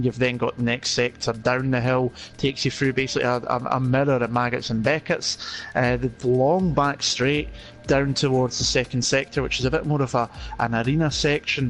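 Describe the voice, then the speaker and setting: Chatty male race analyst. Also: mid-range voice. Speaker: co-commentator and track analyst. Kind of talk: live race broadcast commentary.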